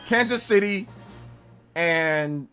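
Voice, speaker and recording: A man's voice: fairly high pitch, animated, drawn-out words, pushed and bright, faint music behind. A male streamer talking casually on a live stream, arguing emphatically with his chat. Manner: emphatic, argumentative, talks back to chat.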